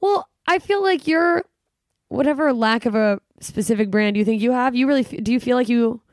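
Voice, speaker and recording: A woman's voice: on the high side, fairly quick, no echo, studio quality. A woman chatting on a podcast in an effusive, exclamatory way. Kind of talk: casual podcast chat.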